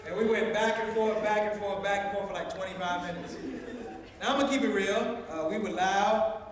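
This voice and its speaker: High-voiced D.C. comedian in an echoey hall. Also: male voice, a little fast, crowd noise. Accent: East Coast (Washington, D.C.). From Washington, D.C. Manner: animated, playful, acts out both sides of dialogue. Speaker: stand-up comedian. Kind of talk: live stand-up storytelling. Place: university event hall, live audience. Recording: echoey hall, voice from far off, audience noise.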